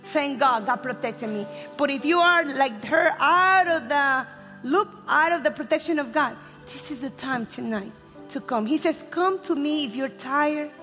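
A woman preacher with a Spanish accent, a native Spanish speaker, giving a fast, impassioned evangelistic sermon that drops to hushed pleading. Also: sits high, animated. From Spanish-speaking country. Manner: fast-talking, impassioned, swings from loud to hushed. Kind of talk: evangelistic sermon with altar call. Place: church hall. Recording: long hall reverb with soft music. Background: musicians playing softly.

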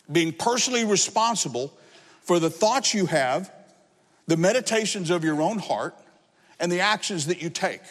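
Male pastor, high voice, emphatic sermon delivery, reverberant hall. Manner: earnest, emphatic, repeats phrases.

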